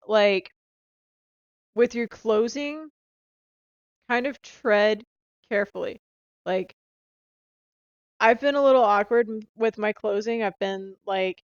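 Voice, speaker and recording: A woman's voice: fairly high pitch, clear, resonant tone, no room sound, lo-fi sound. Chatty young woman on a phone. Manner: chatty, filler-heavy, upbeat. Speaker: sales rep. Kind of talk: casual vlog recap. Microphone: handheld phone.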